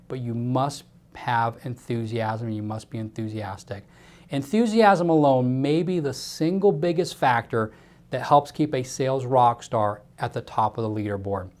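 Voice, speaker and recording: A man's voice: medium pitch, darkish tone. Man, sales trainer, emphatic coaching delivery with lots of repetition. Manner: emphatic, coaching, drives points home with repetition. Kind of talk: instructional talk to camera.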